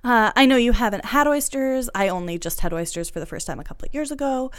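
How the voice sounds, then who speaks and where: A woman's voice: fairly high pitch, quick pace, clear, resonant tone, no room sound, clean studio sound. A woman co-hosting a podcast in casual chat, chatty and full of "like" and "um". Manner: chatty, lots of "like" and "um", laughs easily. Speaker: podcast co-host.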